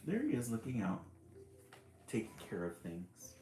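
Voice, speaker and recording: A man's voice: on the low side, wildly swooping pitch, normal speed, warm tone, a little hiss or hum. A man reading a children's book aloud on a live stream, chuckling often and chatting about the pictures. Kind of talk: live read-aloud with commentary. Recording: echoey room with faint ambience.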